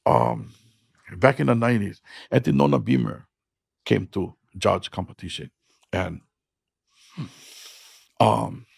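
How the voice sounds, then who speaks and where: A man's voice: on the low side, very animated, slow pace, creaky, pauses often, darkish tone, breathy edge, dry recording, clean studio sound. A middle-aged man with a Hawaiian accent, a hula teacher telling stories in casual, frank, blunt talk. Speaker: podcast guest, hula teacher. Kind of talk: casual storytelling.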